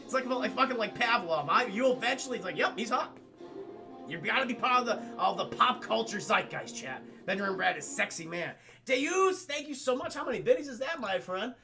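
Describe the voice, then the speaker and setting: Lively bright-voiced male streamer. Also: very high-pitched, brisk, gravelly, few pauses, faint music behind. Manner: animated, profane, addresses chat constantly. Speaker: streamer reviewing a film with his chat. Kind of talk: casual livestream commentary.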